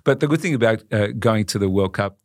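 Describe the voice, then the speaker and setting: An Australian man in his sixties, a podcast guest telling stories in a lively, animated way. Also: fairly low pitch, fast talker, dry recording, studio quality. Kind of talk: casual storytelling.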